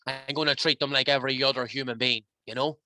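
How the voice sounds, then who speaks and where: Passionate Irish man, bright forceful voice. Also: mid-range voice, fairly even intonation, quick pace, a little hiss or hum. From Ireland. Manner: emotional, rambling, passionate. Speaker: podcast guest. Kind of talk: casual chat.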